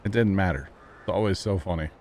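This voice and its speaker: Joking Missouri-accented man, low voice. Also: fast talker, a little mellow, a little hiss or hum. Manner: joking and chuckling, drawls folksy. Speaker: livestream host. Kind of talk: casual gaming stream chat.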